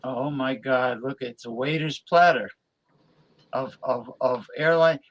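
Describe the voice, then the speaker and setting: A man co-hosting a casual chat show, excitable and playful, often repeating and restarting his words. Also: mid-range voice, unhurried, lo-fi sound. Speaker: co-host.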